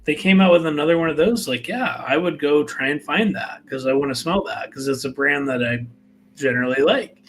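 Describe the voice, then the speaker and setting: A man's voice: on the high side, fairly quick, a bit bright, slight background noise. A man hosting a live fragrance chat, talking in a rambling, laid-back way full of fillers. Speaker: fragrance channel host.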